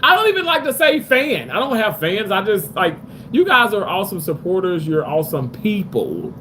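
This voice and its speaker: A man's voice: high voice, big pitch swings, normal speed, a bit bright, a little hiss or hum. A man on a live stream from a hotel room, talking loosely with his viewers and reading their comments aloud, full of fillers. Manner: loose, rambling, many fillers.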